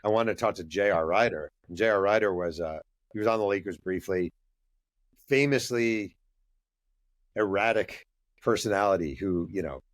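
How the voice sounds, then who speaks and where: A male author, a guest on a podcast, telling stories in a casual, lively way and acting out the dialogue. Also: low-pitched, normal speed, pauses often, dry recording, studio quality. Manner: lively storyteller who acts out dialogue and uses many fillers. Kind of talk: casual interview storytelling.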